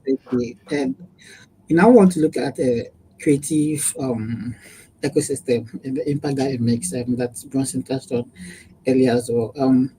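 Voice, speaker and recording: A man's voice: mid-range voice, unhurried, mellow, slight background noise, low-quality recording. A man moderating a panel discussion, handing off questions with brief, polite prompts and fillers.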